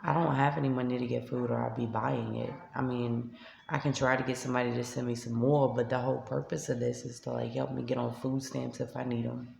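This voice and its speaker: A woman's voice: rumbling low, level tone, a little fast, vocal fry, a little mellow, reverberant, a little hiss or hum. A woman with a New York accent, a shelter resident venting to camera in a vlog, upset and tearful as she retells an argument. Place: shelter room by a street window.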